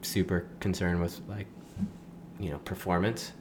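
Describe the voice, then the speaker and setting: A man telling a story in casual conversation, full of fillers like "like" and "um," and getting animated when he quotes other people. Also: sits low, unhurried, noisy background. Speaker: guest.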